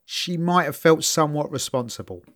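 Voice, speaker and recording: Fifties male co-host, lively swooping pitch, laughs a lot, casual chat. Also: normal speed. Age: 50s. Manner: laughs often, acts out voices in retellings. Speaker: podcast co-host.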